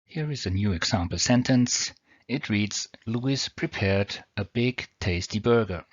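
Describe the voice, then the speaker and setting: A man's voice: lowish voice, unhurried, no echo. A man teaching English grammar with a non-native accent, explaining patiently step by step. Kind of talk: explaining grammar over slides. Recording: dull lo-fi homemade audio.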